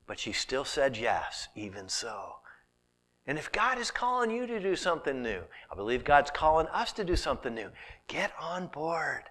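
Animated pastor, lively swooping voice. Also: male voice, fairly high pitch, moderate pace. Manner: animated storytelling, acting out voices, dropping to a hushed whisper. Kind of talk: sermon.

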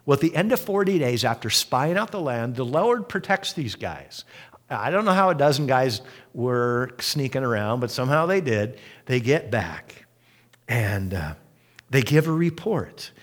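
A middle-aged man preaching a sermon, retelling a story with lively, acted-out quotes. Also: unhurried. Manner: animated storytelling, acting out quoted voices with big pitch jumps.

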